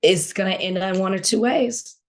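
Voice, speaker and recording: A woman's voice: mid-range voice, moderate pace, heavy background noise. A woman co-hosting a podcast, talking in heated casual chat with passionate indignation, often restarting phrases. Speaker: podcast co-host.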